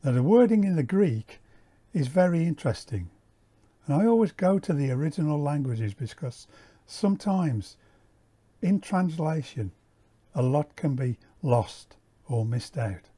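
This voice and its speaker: A man giving a measured Bible teaching, repeating key words and explaining the original Greek. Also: fairly high pitch, big pitch swings, warm tone, breathy edge. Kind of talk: slow, deliberate Bible teaching.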